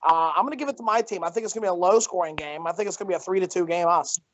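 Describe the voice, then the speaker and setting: A man's voice: high-pitched, very fast, a little hiss or hum. A man doing casual play-by-play commentary for an online hockey league, upbeat and stumbling over repeated words. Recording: dull lo-fi stream audio.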